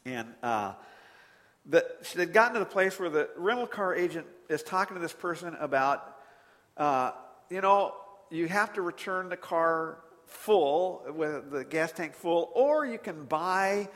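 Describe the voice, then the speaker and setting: Animated male preacher in a reverberant hall. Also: fairly high pitch, unhurried. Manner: animated storyteller, swings from quiet to loud exasperation. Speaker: pastor. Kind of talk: sermon with personal story.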